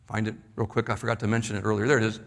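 Man preaching slowly in a reverberant hall. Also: lowish voice, flat delivery, gravelly. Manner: slow emphatic preaching, drops voice on key words. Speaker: pastor. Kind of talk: sermon.

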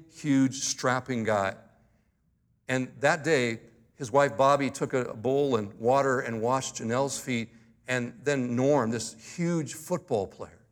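Man, pastor, sermon, earnest, emphatic, slows for emphasis, middle pitch. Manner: earnest and emphatic, slowing down to stress key words.

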